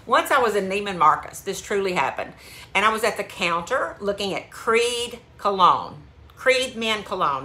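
A woman's voice: mid-range voice, pushed and bright. A woman selling beauty products, talking casually and upbeat to her phone camera at home. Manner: chatty, upbeat, says "like" often. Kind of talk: casual vlog.

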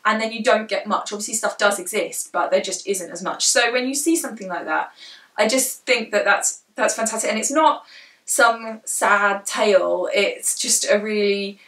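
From an indoor room at home, with rain outside, a young woman from southern England, who is a book vlogger and indie author, chats rambly to camera, peppering her talk with fillers. Her medium-pitched voice is fairly bright at a normal speed, and the recording sounds echoey and distant from the mic.

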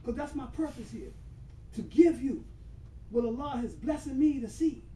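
A man, an imam, telling a story in a conversational sermon with emphatic, sudden loud bursts. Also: very high voice, expressive, moderate pace, a little hiss or hum. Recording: roomy hall, voice far from mic.

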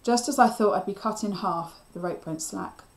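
Woman teacher, reading a children's novel aloud, steady storytelling, mid pitch. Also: normal speed.

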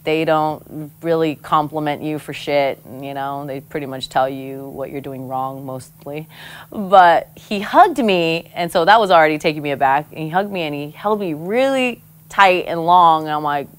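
A woman from American Samoa, a guest in an interview, telling personal stories in a frank, expressive way and laughing often. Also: low voice, normal speed, clean tone. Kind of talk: candid conversational storytelling.

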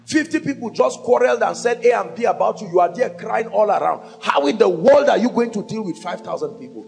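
Gravelly Nigerian preacher at the pulpit. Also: male voice, sits high, expressive, fairly quick, few pauses, a little mellow, faint music behind. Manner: emphatic, fires rhetorical questions at the congregation. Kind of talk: sermon. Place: at a pulpit before a congregation.

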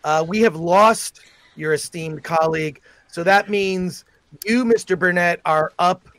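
A man with a notably high voice presides over a livestream as a mock judge, speaking with formal courtroom gravity broken up by frequent fillers. He comes through a video call. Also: unhurried, a bit bright, dry recording.

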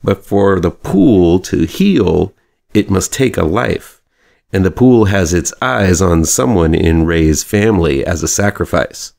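Low gravelly sarcastic male reviewer. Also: darkish tone. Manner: dry, mocking. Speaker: film reviewer. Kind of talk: sarcastic movie review monologue.

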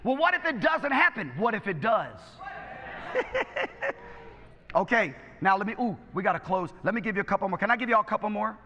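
A man's voice: high-pitched, sing-song, brisk, long pauses, bright, forceful tone, long reverb tail, dull audio. A male pastor preaching a sermon, exhorting and calling out to his congregation. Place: church sanctuary.

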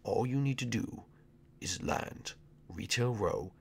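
A man voicing a boastful male game-skin hitman who talks slowly and pompously in a Minecraft role-play. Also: lowish voice, animated, vocal fry, slightly rough, full character voice. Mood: smug. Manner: slow, pompous, drawn-out.

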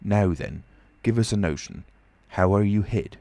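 A man's voice: lowish voice, unhurried, mellow, no echo. A man voicing a frightened, blustering tramp who talks in coarse rustic speech, in a storybook reading. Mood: agitated.

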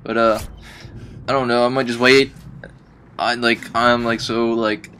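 A man's voice: mid-range voice, flat delivery, unhurried, sharp tone. A man giving casual gameplay commentary, venting his frustration in rambling, profane talk full of fillers. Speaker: gaming video uploader.

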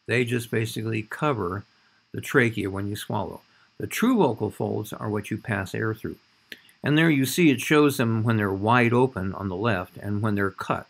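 A man's voice: fairly low pitch, vocal fry, fairly bright tone, husky. A man giving a recorded anatomy lecture over slides, talking in a conversational way and often checking in with "all right?".

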